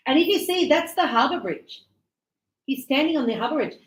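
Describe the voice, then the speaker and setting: A woman's voice: high-pitched, animated, brisk. A woman with an Australian accent teaching English, explaining phrases in a chatty way with acted examples. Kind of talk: online language lesson. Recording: echoey room.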